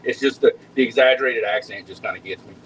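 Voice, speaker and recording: A man's voice: medium pitch, fast, fairly bright tone, a little hiss or hum, poor audio. A man, chatting casually with viewers while cooking at home, folksy and talkative, often repeating words as he goes. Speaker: home cook hosting a live cooking stream.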